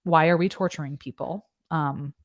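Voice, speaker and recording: A young woman nurse practitioner talks through guidelines on a casual livestream, joking with asides and reading out viewer comments. Her voice sits a little low for a woman. The sound is dry and close, with no room echo. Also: fairly even intonation, normal speed. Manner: chatty and joking, with asides and fillers. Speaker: nurse practitioner and channel host.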